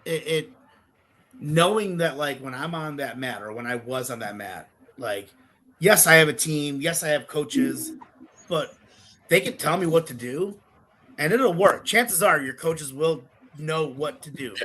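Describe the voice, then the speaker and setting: On a low-quality recording, a middle-aged podcast guest who wrestles professionally and once coached wrestling swaps profane stories, imitating the voices of those he quotes. His fairly high voice is lively in intonation, unhurried, pushed and bright.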